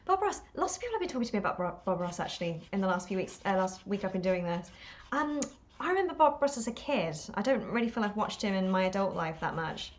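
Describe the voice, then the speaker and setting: A woman's voice: mid-range voice, big pitch swings, fast talker, few pauses. A woman chatting on a live stream while she paints, rambling and talking to herself, self-deprecating and laughing often.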